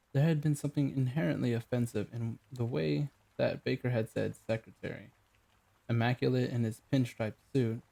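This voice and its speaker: A man reading a novel aloud as an audiobook narrator, in a measured, even delivery. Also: mid-range voice, vocal fry. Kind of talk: scripted narration.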